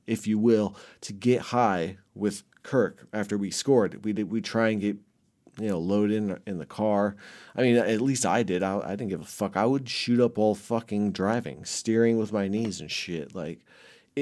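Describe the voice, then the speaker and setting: A man casually telling a rambling, heavily profane story about his past, with many restarts, swinging between muttered asides and loud bursts. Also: lowish voice. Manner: rambling, heavy swearing, frequent restarts.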